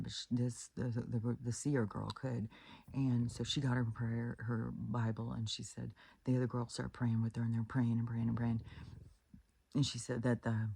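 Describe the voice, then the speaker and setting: This is a woman talking straight to her own audience in a loose, rambling vlog monologue. Her voice is dark, husky and gravelly. She restarts often and swears bluntly. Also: very deep voice, no room sound. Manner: rambling, with many fillers and restarts. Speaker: spiritual vlogger. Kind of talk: casual storytelling monologue.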